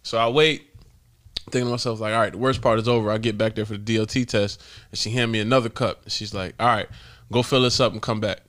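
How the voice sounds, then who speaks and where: A man's voice: fairly low pitch, fairly even intonation, fast talker, a bit bright. A man hosting a podcast, telling stories casually, laughing often and swearing freely. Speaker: podcast host. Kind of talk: casual storytelling.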